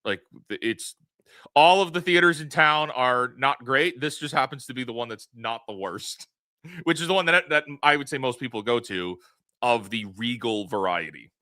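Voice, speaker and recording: A man from New York with a New York accent, co-hosting a podcast in an animated, excitable casual chat. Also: medium pitch, normal speed, dry recording. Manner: animated, excitable, laughs often. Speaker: podcast co-host.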